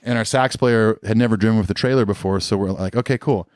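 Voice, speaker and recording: A man's voice: on the low side, fast, darkish tone, dry recording, clean studio sound. A middle-aged man, a musician guest on a podcast, telling a long casual story in a rambling, laid-back way full of fillers.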